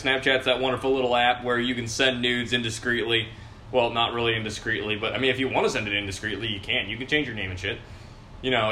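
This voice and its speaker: A young man hosting a casual show, ranting loudly and swearing constantly, with sudden jumps in pitch. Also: slight background noise. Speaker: podcast host.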